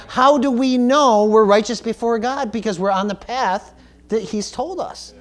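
A man's voice: very high voice, measured pace. Emphatic preaching man. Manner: earnest, emphatic, repeats words when stressing points; calls for audience responses like "Amen?". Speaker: pastor. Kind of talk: sermon.

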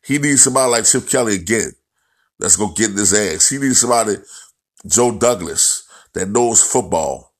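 A man's voice: fairly low pitch, animated, moderate pace, breathy edge. Profane, ranting man. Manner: blunt, profane, repetitive, ranting. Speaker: football commentator. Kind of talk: profane sports rant.

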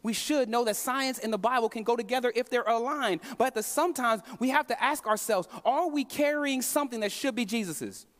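High-voiced preacher in an echoing hall. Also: male voice, a little fast, hardly any pauses. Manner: impassioned preaching, swinging from hushed to emphatic calls. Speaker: pastor. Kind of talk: sermon. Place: church sanctuary. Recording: long reverb of a large hall.

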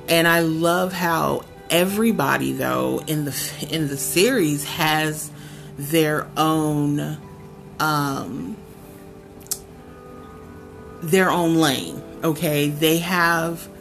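A woman hosting a podcast, reviewing a show in a sassy, sarcastic, chatty way with lively asides. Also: sits low, gravelly. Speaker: podcast host.

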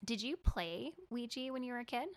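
A woman's voice: on the high side, lively intonation, fairly quick. Easygoing young woman podcast host. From Southern California. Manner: chatty, easygoing, laughs often. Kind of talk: casual podcast chat.

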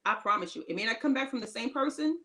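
On a roughly recorded faith-based podcast, this female co-host speaks quickly with lively intonation in a slightly bright voice on the high side. Informal and loose with grammar, she gives emphatic encouragement and keeps repeating her main phrases.

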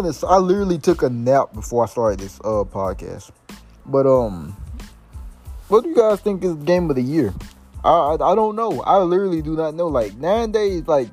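A man's voice: fairly high pitch, warm tone. A young man hosting a casual solo podcast, rambling loosely with slang and lots of "like" and "bro". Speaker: podcast host.

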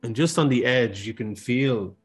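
A man's voice: mid-range voice, measured pace, husky, soft background music. A man narrating as game master in a casual way, with restarts and the odd swear word.

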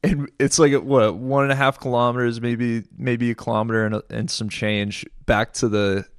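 A man, a military veteran, recalling combat in a relaxed, chatty podcast conversation. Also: medium pitch, moderate pace, clear, resonant tone, no echo, studio quality. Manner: relaxed, chatty retelling with friendly asides. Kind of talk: casual storytelling conversation.

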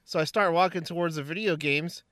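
Bright-voiced joking man. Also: a little high, fairly quick, no echo, clean studio sound. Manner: joking, laughing, swears. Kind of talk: casual chat.

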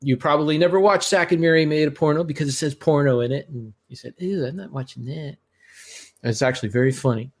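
A man's voice: a little high, steady tone, fast, few pauses. A man hosting a podcast, chatting casually and giving his blunt, rambling opinions. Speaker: podcast host. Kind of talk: casual chat.

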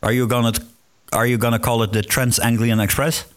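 A man's voice: little pitch movement, fairly quick. A man with a Dutch accent, co-hosting a podcast in casual, playful chat. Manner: playful, jumps into high joking voices. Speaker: podcast co-host.

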